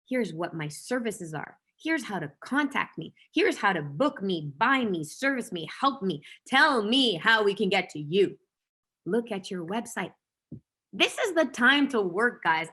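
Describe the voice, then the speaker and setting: Energetic woman business coach. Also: fairly high pitch, husky. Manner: energetic, emphatic, repeats key phrases. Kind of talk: motivational talk.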